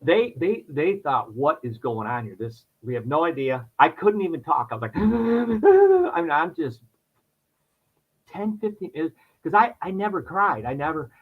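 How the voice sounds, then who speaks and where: A man telling a personal story on a podcast in casual chat, his voice jumping high when he acts out his younger self. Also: narrow, tinny audio. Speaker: podcast guest.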